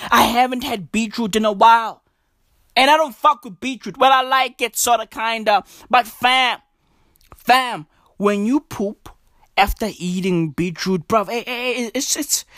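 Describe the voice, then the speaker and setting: A man doing a profane stand-up comedy rant, animated and drawn-out, jumping up into high squeaky voices. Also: no echo, studio quality. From South Africa.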